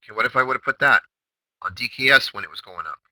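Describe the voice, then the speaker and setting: Hosting a recorded day-trading chatroom recap, a man talks fast and animatedly in a bright, forceful, medium-pitched voice. He's brash and emphatic, firing off rhetorical questions, on a rough recording with no echo.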